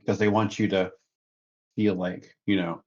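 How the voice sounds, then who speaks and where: A man in casual podcast chat, joking and mimicking others in an animated way. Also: deep voice, unhurried, dull audio.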